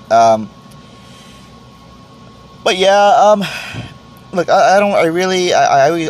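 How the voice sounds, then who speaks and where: In a medium-pitched voice, a man hosting his podcast rambles casually and self-deprecatingly while tasting tea. He curses a lot and stumbles over restarts in this solo rant, with a bit of hiss or hum underneath.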